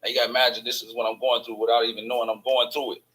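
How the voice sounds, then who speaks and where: Chicago man, host, loose profane storytelling, bright forceful voice. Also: mid-range voice, level tone, low-quality recording. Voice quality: profane, digressive, fast-moving storytelling. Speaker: host of an online channel. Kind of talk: rambling casual monologue.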